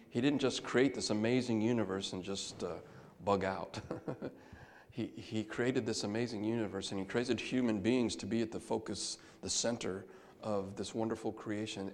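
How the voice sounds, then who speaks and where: A man preaching a sermon, moving between soft, hushed lines and loud, emphatic calls. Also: on the low side, steady tone, normal speed, slight background noise. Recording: long hall reverb.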